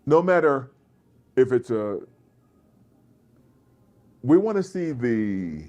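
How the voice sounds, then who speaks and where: Deep resonant male actor, lively storyteller, festival interview guest. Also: slow. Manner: animated storyteller, slips into voices. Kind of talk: casual interview chat. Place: festival convention floor.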